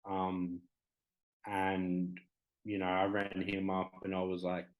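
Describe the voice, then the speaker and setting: A man's voice: sits low, monotone, takes it slowly, poor audio. A man in his twenties with an Australian accent, a talk show guest speaking candidly and rambling with many fillers. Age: 20s.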